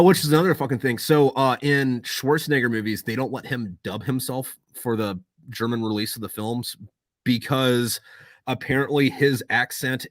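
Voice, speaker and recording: A man talking as a podcast guest in casual chat, swearing often and rambling through animated stories. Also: medium pitch, dry recording, studio quality. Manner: profane, rambling, animated storyteller.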